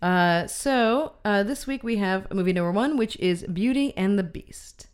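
A woman's voice: mid-range voice, animated, unhurried, clear, resonant tone. A woman co-hosting a film podcast, chatting in a dry, teasing way. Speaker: podcast co-host, film critic. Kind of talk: casual chat.

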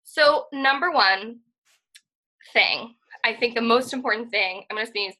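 A woman's voice: fairly high pitch, a little slow, pushed and bright, rough recording. A woman co-hosting a casual podcast chat, earnest and enthusiastic, talking in a rambling way full of "like" and "um". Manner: rambling, filler-heavy, frequent "like" and "um". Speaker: podcast co-host.

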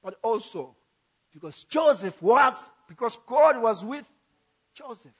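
Preacher delivering a sermon; high-pitched man, emphatic, repetitive, dynamic. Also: expressive, a little slow, breathy edge. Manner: emphatic, repeats key phrases, swings from loud to soft.

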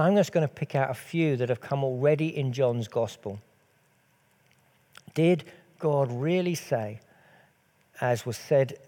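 A man's voice: mid-range voice, dark tone. A man preaching a sermon in an earnest way, building his points through repeated rhetorical questions.

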